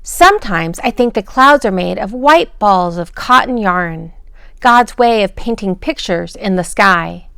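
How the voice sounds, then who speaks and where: A woman gently reading a children's picture book aloud at bedtime, pausing to ask the listener questions. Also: medium pitch, expressive, vocal fry, clear, resonant tone, no room sound, studio quality.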